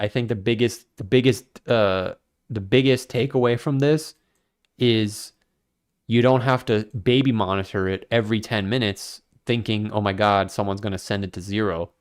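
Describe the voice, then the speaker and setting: Smooth-voiced man rambling on a livestream. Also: lowish voice. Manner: rambling, animated, self-mocking, swears freely. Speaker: crypto livestream host. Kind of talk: casual livestream commentary.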